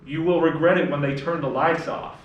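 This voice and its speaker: A young man acting a skeptical co-worker who fires quick, probing questions, recorded from far off in an echoey room. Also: a little high, steady tone, muffled recording, slight background noise, natural voice. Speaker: student actor. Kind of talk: stage play scene.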